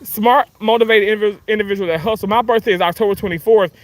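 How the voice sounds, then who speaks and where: A man's voice: high voice, fast. A man in his thirties from Mississippi with a Southern accent, chatting casually on a livestream, reading comments aloud and laughing often. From Mississippi, USA. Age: 30s. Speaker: livestream host.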